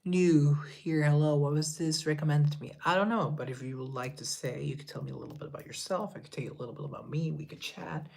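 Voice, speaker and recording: A man's voice: on the high side, steady tone, fast talker, creaky, hardly any pauses, darkish tone. A young man from Colombia chatting casually on a live stream, reading viewer comments and rambling in a self-deprecating way. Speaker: livestreamer and musician.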